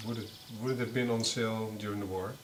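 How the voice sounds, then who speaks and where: A man chatting casually about an old car in a quick, matter-of-fact way. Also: on the low side, fairly even intonation. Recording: roomy echo with clear background noise.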